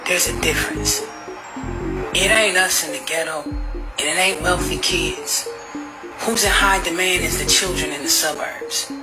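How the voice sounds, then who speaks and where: A woman's voice: on the low side, unhurried, over loud music. A woman giving an urgent, emphatic warning in slangy talk straight to her audience. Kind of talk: direct-to-camera warning rant.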